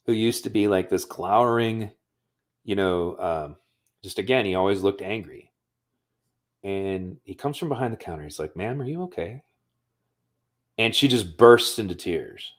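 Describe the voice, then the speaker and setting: A man with a fairly low voice, talking loosely on a livestream. He tells stories in a rambling, conversational way and swears freely. He comes from the United States. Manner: storytelling, profane, conversational. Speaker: streamer. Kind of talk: casual livestream monologue.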